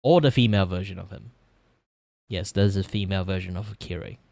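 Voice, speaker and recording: Low-voiced Malaysian man chatting casually. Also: a little fast, gravelly, darkish tone, no echo. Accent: Malaysian English. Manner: rambling, swears freely, laughs often. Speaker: vtuber streamer. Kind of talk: casual livestream chat while drawing.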